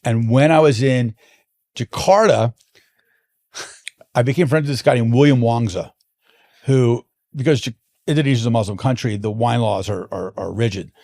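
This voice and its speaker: The guest, a man who imports wine, shares long stories in a casual interview, animated but full of restarts. He speaks at a moderate pace in a mid-range voice with vocal fry and long pauses.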